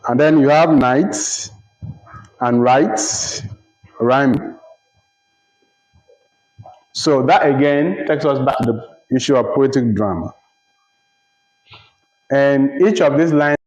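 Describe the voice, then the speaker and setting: Male lecturer, deliberate and repetitive, recorded in an echoey room with muffled, lo-fi sound. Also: mid-range voice, darkish tone. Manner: deliberate, repeats phrases, checks understanding. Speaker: literature lecturer. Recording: roomy, dull lo-fi recording.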